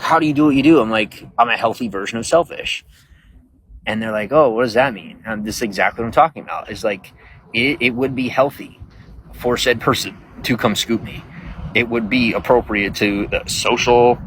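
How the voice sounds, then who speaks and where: A man's voice: fairly low pitch, normal speed, a bit bright, a little hiss or hum. A man chatting casually on a livestream, rambling with lots of fillers, outdoors at night. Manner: rambling, talks to viewers, many fillers. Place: outdoors at night, bugs around.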